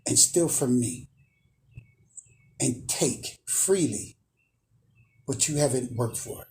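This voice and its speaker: A man's voice: medium pitch, animated, slow pace, a little mellow. A man who hosts a spiritual channel, giving a boastful, emphatic monologue to camera and repeating phrases for emphasis.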